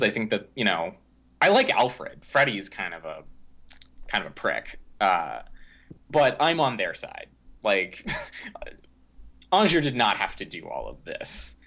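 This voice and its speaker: This young podcast co-host sounds mid-range, pushed and bright. He rambles through a casual film recap, constantly using fillers and starting sentences over.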